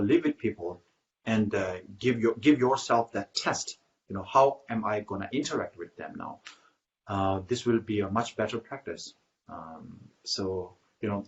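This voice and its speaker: A man teaching as a Buddhist teacher in a dharma talk, telling a story in a halting way with many fillers and restarts. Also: on the low side, darkish tone. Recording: muffled lo-fi recording.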